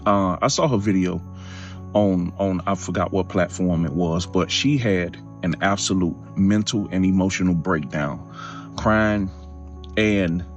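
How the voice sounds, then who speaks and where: Man, low voice, casual chatty reaction clip, dull recording, faint music.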